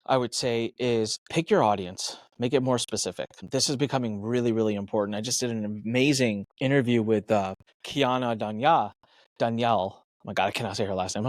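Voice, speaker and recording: A man guest on a podcast, giving energetic, emphatic business advice and acting out his own thoughts in quick asides. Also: mid-range voice, no echo. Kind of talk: animated advice talk.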